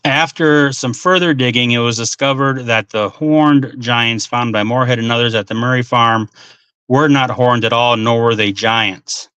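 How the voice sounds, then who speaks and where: A man's voice: mid-range voice, moderate pace, bright, forceful tone, clean tone, no echo, muffled recording. A man hosting a talk show, reading passages aloud and adding casual asides with frequent ums. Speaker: podcast host.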